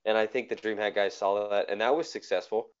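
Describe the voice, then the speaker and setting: A man talking as a guest on a casual streamed show, giving quick, plain-spoken opinions. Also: lowish voice, steady tone, clean tone. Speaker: guest player. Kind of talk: casual chat. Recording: dull lo-fi stream audio.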